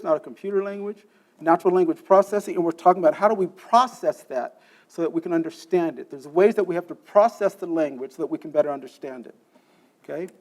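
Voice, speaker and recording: A man's voice: high voice, darkish tone. A man giving a conference lecture, explaining step by step, quizzing the audience and often checking in with "okay?". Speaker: conference speaker. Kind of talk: technical lecture. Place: conference session room.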